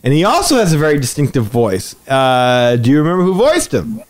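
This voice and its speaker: A man's voice: medium pitch, a little fast. A man hosting a podcast, telling a story in casual chat and acting out the quotes with energy. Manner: animated storyteller, acts out quotes. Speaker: podcast host.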